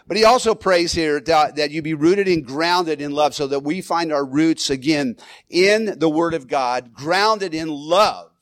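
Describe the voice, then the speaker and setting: A man preaching a sermon in a church, his voice sitting a bit high for a man. He talks loosely and conversationally, restarting phrases and chuckling now and then. The sound is dry, with no room echo. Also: a little slow. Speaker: pastor.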